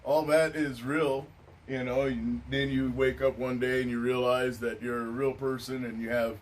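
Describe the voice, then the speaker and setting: Man of middle pitch, host, loose and reflective, off-mic with light hiss. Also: level tone, normal speed. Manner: laid-back and musing, with many filler phrases. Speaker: podcast host. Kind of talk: casual stoner chat. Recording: distant mic with faint noise.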